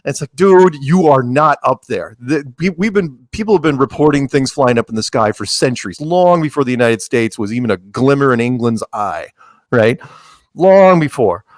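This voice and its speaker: A man guest on a podcast, talking casually in an animated, joking way, with quick asides and frequent restarts. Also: mid-range voice, dry recording, clean studio sound.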